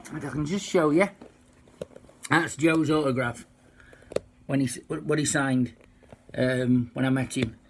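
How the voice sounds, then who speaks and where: A man with a Yorkshire accent, unwell, chatting to fans in a halting, heartfelt way. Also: mid-range voice, slight background noise. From Yorkshire, England. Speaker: singer and tribute impersonator. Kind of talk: casual fan video chat.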